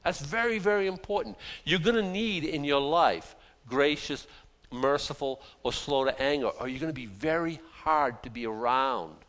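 A man's voice: a little high, moderate pace, a bit bright. Chatty, self-deprecating male preacher. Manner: conversational, self-deprecating, frequent restarts. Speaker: pastor. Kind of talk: sermon.

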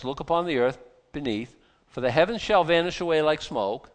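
A man preaching a Bible sermon in a conversational, animated way, often restarting and breaking into asides. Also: a little high, fairly quick. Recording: long hall reverb.

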